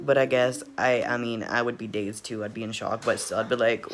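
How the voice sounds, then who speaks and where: A man's voice: mid-range voice, little pitch movement, normal speed, hardly any pauses, slight background noise. A man casually reacting to a video, rambling, laughing often and repeatedly apologizing.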